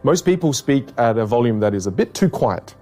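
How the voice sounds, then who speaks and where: A young man talks as a communication coach in an interview. He is animated and theatrical, demonstrating points by reshaping his own voice. Faint music plays underneath. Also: medium pitch, fairly quick. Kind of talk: podcast interview, demonstrative teaching.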